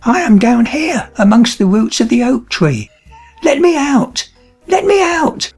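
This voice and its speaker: A man voicing a trapped spirit in a fairy tale that grows huge and threatens, crying out high and muffled or speaking haughtily. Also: big pitch swings, unhurried, darkish tone, breathy edge, soft background music, full character voice. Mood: pleading. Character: trapped then towering menacing male spirit.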